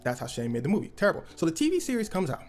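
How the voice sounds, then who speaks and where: A man's voice: sits high, huge pitch swings, racing. A young man hosting a comedic commentary video, telling a story and mimicking the people in it with exaggerated voices. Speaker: commentary host. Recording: faint background music.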